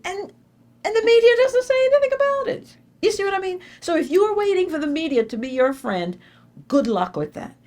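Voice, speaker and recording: A woman giving an inspirational speech at an awards dinner, telling stories with sudden jumps in pitch and repeating phrases for emphasis. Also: big pitch swings, fairly quick, a little mellow. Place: dinner event hall.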